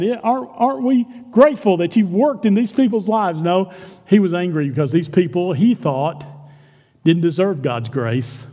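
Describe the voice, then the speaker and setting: Pastor, male, lively preacher who acts out quoted lines, mellow tone, church hall echo. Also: sits high. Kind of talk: sermon. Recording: long hall reverb.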